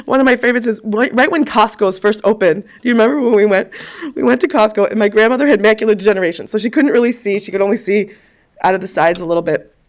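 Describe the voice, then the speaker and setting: A woman's voice: medium pitch, quick pace. A woman in her forties giving a eulogy, telling personal stories in a chatty way with frequent ums. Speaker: eulogist at a funeral.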